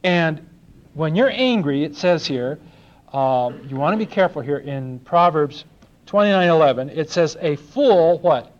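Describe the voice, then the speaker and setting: A man's voice: on the high side, animated, unhurried. Older man preaching, lo-fi recording. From Los Angeles. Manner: conversational, asks the congregation questions, acts out little dialogues. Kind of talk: sermon. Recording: dull lo-fi sermon recording.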